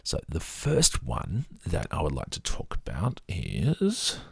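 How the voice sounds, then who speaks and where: A man's voice: low-pitched, huge pitch swings, slow pace, vocal fry, slightly rough, no room sound, clean studio sound. A man talking casually through his mug collection in a rambling, self-deprecating way. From Australia. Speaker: vlogger. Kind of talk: casual show-and-tell monologue.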